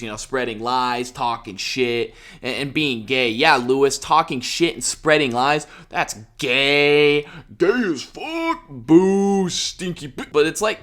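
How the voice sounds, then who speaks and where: A young man tears into someone in a heated online commentary. He is sarcastic and crude, and he breaks into short mocking laughs. His voice sits at an ordinary pitch for a man. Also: fairly bright tone. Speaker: commentary YouTuber. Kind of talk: ranting commentary.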